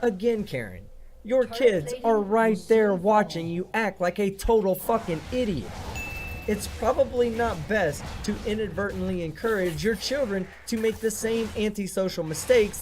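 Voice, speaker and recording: A man's voice: sits high, darkish tone. A man hosting a reaction video, delivering sarcastic commentary full of blunt, profane insults. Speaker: video host reacting to clips.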